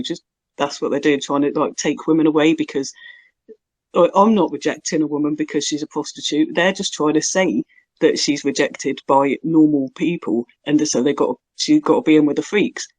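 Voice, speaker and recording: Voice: mid-range voice, no room sound. A speaker, talking in slangy, rambling, sardonic casual chat. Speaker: live audio room speaker.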